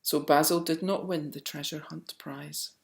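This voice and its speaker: A woman reading a picture book aloud, slowly and expressively. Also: low-pitched, creaky, very noisy. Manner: slow and expressive. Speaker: storyteller. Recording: roomy echo.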